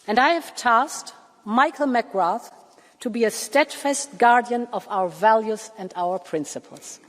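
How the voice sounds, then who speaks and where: Woman in her sixties, formal address to a chamber, emphatic, paced with pauses, long hall reverb. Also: on the high side. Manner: measured, emphatic, with deliberate pauses. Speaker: Commission president addressing parliament. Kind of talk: formal political speech. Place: large parliament chamber.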